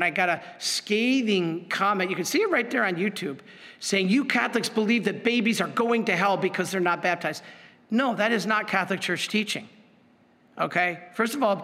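A man's voice: high voice, sharp tone, in a large hall. A man preaching as a priest in an earnest, emphatic sermon, pleading and repeating his point.

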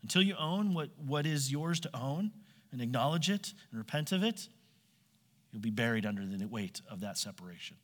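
A man's voice: medium pitch, sing-song, moderate pace, fairly bright tone. A man preaching a sermon, asking his listeners direct questions and acting out quoted voices. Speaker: pastor. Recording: long hall reverb.

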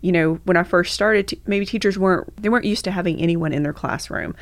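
A woman guest, a school improvement coordinator, explaining her views in a measured way. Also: on the low side, no room sound. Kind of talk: conversational interview.

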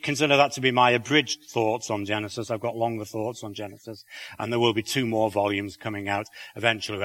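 British guy, slight lisp, bright voice, chatty church talk in a big echoey hall. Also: medium pitch. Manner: chatty, wry asides, many fillers. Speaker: creationist speaker.

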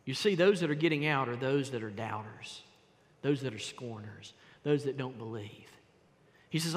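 A man preaching a sermon, dramatically moving between hushed tones and loud exclamations as he acts out the voices of Bible figures. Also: medium pitch, normal speed, in a large hall. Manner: dramatic, swings from hushed to shouting.

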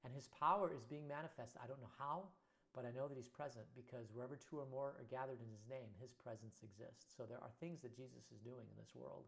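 A man's voice: medium pitch, quick pace, vocal fry, fairly bright tone. A man, a pastor, reading scripture aloud and explaining it in a casual, unpolished way full of fillers, streamed live. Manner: reads scripture aloud, then comments casually with many fillers. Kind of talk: livestreamed Bible study sermon. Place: indoors near a railway line.

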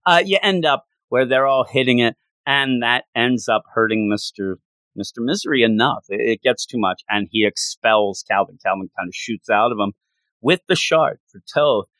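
A man casually recapping a comic book issue and acting out the characters' lines in livelier, higher voices. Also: normal speed, fairly bright tone, no echo. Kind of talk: casual recap with acted-out quotes.

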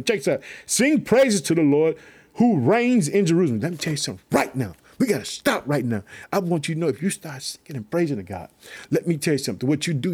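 A man preaching an excited devotional message, calling listeners family and repeating catchphrases as he reads scripture. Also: a little high, breathy edge. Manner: hyped, repeats "let me tell you something" and "guess what", calls listeners family.

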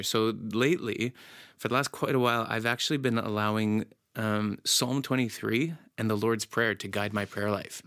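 A man on church staff talking about his prayer life in a relaxed, reflective podcast conversation. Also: medium pitch, no echo, clean studio sound.

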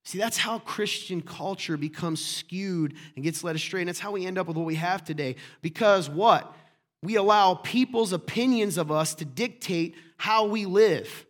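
A middle-aged pastor preaching with a somewhat high voice. He talks with passion and emphasis, often pushing into loud, fervent bursts. His delivery is that of a sermon to a congregation. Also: normal speed.

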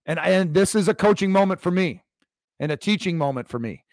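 A man's voice: sits high, animated, brisk, no echo, clean studio sound. A man hosting a coaching podcast, telling a sports story in a rambling, emphatic way with frequent restarts. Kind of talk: solo podcast monologue.

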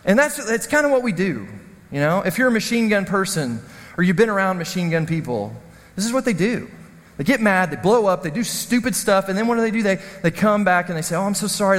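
A man preaching a sermon as the pastor, telling stories in an animated, self-mocking way. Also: high-pitched, big-room sound. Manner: storytelling, animated, self-deprecating.

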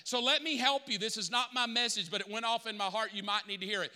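Male pastor, animated sermon, high and bright, long church reverb. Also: fast talker, hardly any pauses. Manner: animated, acts out Bible characters.

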